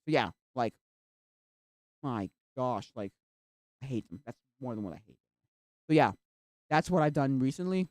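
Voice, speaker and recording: A live streamer chatting casually while browsing at the computer, rambling and filling every pause with "like". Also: mid-range voice, expressive, darkish tone, no room sound. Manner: rambling, heavy use of "like".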